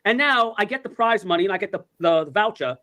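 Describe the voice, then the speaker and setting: Telling casual, rambling stories laced with swearing and plenty of "like" and "I go," the sixty-something storyteller talks fast in a high, animated voice. The sound quality is lo-fi.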